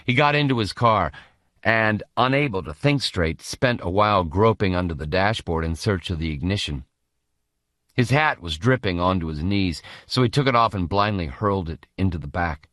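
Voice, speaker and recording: A man narrating an audiobook with an expressive, dramatic reading. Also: low voice, normal speed, no echo, studio quality.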